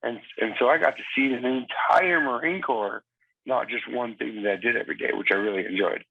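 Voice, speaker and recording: Gravelly and medium-pitched, a former Marine talks a little fast as a phone-in radio interview guest, energetically recounting stories. He's at a cabin in Virginia, and his voice reaches listeners over a tinny phone line.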